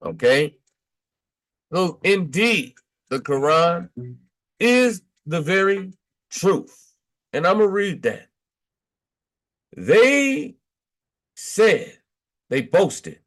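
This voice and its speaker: A male preacher delivers an exhortation, reading verses aloud and then unpacking them point by point. His voice sits fairly high and he speaks slowly, pausing often and pressing each point with a questioning "Okay?". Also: big pitch swings, fairly bright tone. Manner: emphatic, repeats points with "Okay?". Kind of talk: exhortation reading and explaining scripture.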